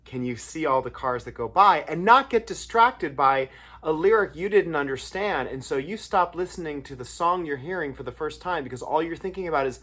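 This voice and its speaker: A man's voice: fairly high pitch, lively intonation, a little fast, fairly bright tone. A man, a songwriter and lyricist, talking casually about writing lyrics, telling anecdotes and often restarting his sentences. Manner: anecdotal, rambling with restarts and fillers. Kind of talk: casual talk on songwriting craft.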